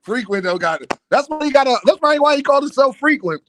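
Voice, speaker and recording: A man's voice: extremely high pitch, expressive, quick pace, fairly bright tone, dry recording. A man hosting a livestream, teasing and trash-talking chat members with frequent laughter. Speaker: livestream host. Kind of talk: casual livestream banter.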